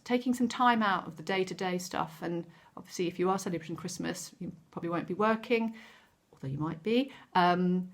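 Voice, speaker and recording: Gentle woman giving a card reading. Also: lowish voice. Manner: gentle, encouraging, with frequent ums and self-corrections. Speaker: tarot card reader. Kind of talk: weekly card reading to camera.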